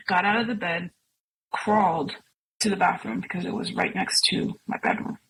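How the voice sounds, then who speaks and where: A woman's voice: fairly low pitch, steady tone, moderate pace, gravelly, fairly bright tone, a little hiss or hum, low-quality recording. A middle-aged woman sharing a personal story as a guest, speaking earnestly and emotionally with many fillers. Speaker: podcast guest.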